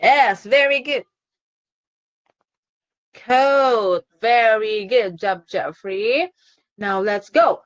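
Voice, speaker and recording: Slow high-voiced cheerful woman teacher. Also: lo-fi sound. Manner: cheerful, laughs often, slow and encouraging. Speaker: online English teacher. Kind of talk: online phonics lesson for a child.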